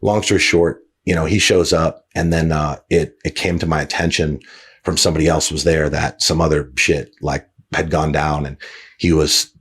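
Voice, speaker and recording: A man's voice: a bass voice, steady tone, normal speed, a bit bright, husky. A man hosting a podcast, telling a story casually with lots of fillers, restarts and swearing. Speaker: podcast host.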